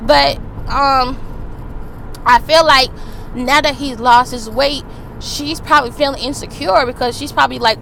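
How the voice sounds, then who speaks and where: Loud, profane woman ranting from her car. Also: high-pitched, steady tone, measured pace, gravelly, a little hiss or hum. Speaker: gossip vlogger. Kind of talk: casual ranting commentary. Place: in a car in traffic.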